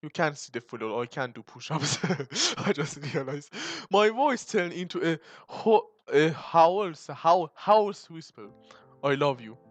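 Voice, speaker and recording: A man's voice: fairly high pitch, animated, unhurried, hardly any pauses, no echo, faint music behind. Joking, swearing young man reading a visual novel. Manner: swears and jokes between dramatic reading.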